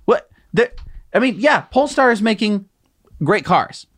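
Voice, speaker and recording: A man's voice: sits high, big pitch swings, moderate pace, gravelly, a bit bright. A man co-hosting a casual tech news show, exasperated and mocking. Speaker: co-host.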